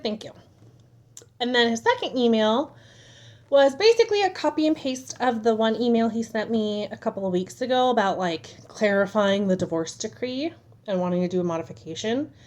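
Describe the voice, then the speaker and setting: A woman's voice: medium pitch, a little mellow. A young woman venting casually to the camera at home, frustrated and exasperated as she retells an argument. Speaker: vlogger. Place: home, at a table.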